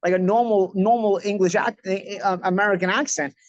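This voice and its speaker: A man with a New York accent, hosting a casual podcast chat, talking quickly with lots of restarts and "you know"s. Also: high voice, no echo, lo-fi sound. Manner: rapid, animated, full of restarts and "you know". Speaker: podcast host.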